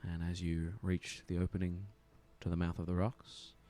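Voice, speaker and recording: A man narrating a tabletop game as game master, in a calm, steady way. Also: deep voice, moderate pace, a little hiss or hum.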